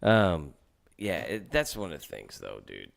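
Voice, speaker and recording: A man's voice: low voice, a little slow, vocal fry, slight background noise. Guy hosting a podcast, lots of stammering and swearing, loose chatty talk. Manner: stammering, profane, animated. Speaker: podcast host. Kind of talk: casual chat.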